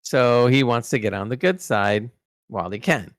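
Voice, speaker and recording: This podcast host has a medium-pitched voice and talks at a moderate pace, captured dry with clean studio sound. Looking back on interviews he's done, he tells behind-the-scenes tales in loose, casual storytelling. His delivery wanders, full of fillers and false starts, and livens up when he hits an anecdote.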